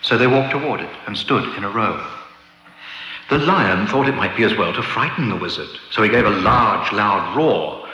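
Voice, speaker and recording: A man narrating a storybook reading with expressive, lilting delivery, recorded in an echoey room with long reverb. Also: medium pitch, highs cut off, slight background noise.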